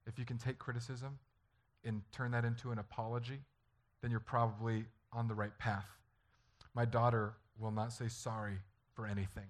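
A man's voice: mid-range voice, flat delivery, moderate pace. A man preaching a sermon as a pastor, talking earnestly and conversationally and acting out stories from family life.

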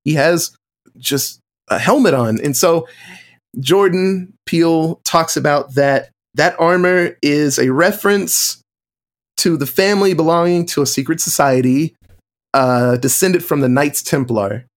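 A man talking through film trivia in a relaxed podcast chat, with a slightly higher voice than most men. He tells it with animated energy and often jumps into exaggerated quoted voices. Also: measured pace. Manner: animated storytelling, acting out quotes in shifting voices. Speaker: podcast co-host or guest. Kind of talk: casual movie discussion.

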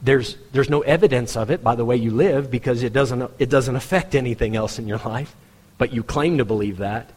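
A male pastor delivers a sermon in a plain, conversational voice, turning pointed and pushing up into a higher register whenever he imitates people in the pews. His voice sits in an ordinary middle range for a man. The sound carries the long reverb of a church hall. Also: a little fast, a little mellow, slightly rough. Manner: conversational preaching, mimics congregants in a higher voice.

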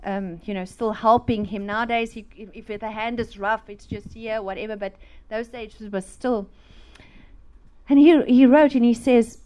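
A middle-aged woman, telling a fervent church testimony in an animated, storytelling way. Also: fairly high pitch, moderate pace, dull audio. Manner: animated storytelling, laughing, acting out voices; fervent, preaching. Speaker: speaker giving a testimony.

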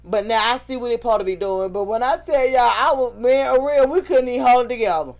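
A woman co-hosting a casual talk show, telling animated stories, laughing often and acting out what people said. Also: a little high, fast talker. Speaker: podcast co-host. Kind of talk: casual chat.

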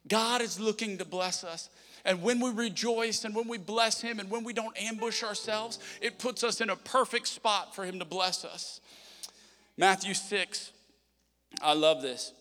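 Bright, high-voiced pastor in a hall. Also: male voice, measured pace. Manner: conversational, emphatic, quoting prayers aloud. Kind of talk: sermon. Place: church hall.

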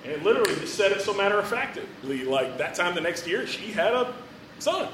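Man, very high bright voice, casual joking sermon, echoey room, distant mic. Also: big pitch swings, a little fast, slight background noise. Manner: chatty, joking, many fillers. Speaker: preacher.

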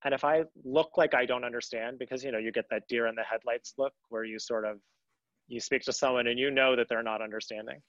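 A man's voice: mid-range voice, fairly even intonation, fast, fairly bright tone, no echo. A young man speaks as an interview guest, earnest and a little rambling, often circling back to restart a thought. The recording sounds dull and lo-fi, with a dry, close feel and no room around it. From United States. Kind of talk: conversational interview.

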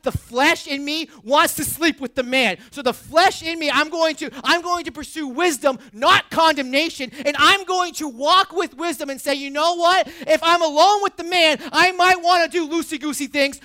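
High, bright-voiced man preaching. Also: dry recording, studio quality. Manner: animated, swings from hushed to shouting. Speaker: pastor. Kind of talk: sermon. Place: church sanctuary.

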